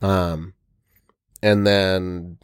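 A man's voice: low-pitched, level tone, drawn-out words, clear, resonant tone, no echo, studio quality. A man in casual chat, telling an earnest, rambling account.

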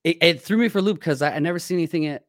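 A man co-hosting a podcast in casual chat, chiming in with quick agreement and laughs. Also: on the high side, fairly bright tone, no room sound, studio quality. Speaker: podcast co-host.

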